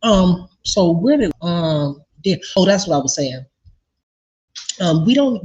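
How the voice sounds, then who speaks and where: Husky-voiced woman ranting. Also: low-pitched, lively intonation, brisk, muffled recording. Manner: indignant, profane, addresses viewers as y'all. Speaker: vlogger telling a personal story. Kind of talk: heated casual rant to viewers.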